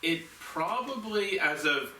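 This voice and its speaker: A man chats casually about films, full of "um"s and "like"s as he looks for words. His tone is very bright and sharp. He sounds distant from the mic in a roomy, echoey space with a faint hiss. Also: a little high, expressive, takes it slowly. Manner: hesitant, lots of fillers and likes. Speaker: movie review show co-host. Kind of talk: casual movie chat.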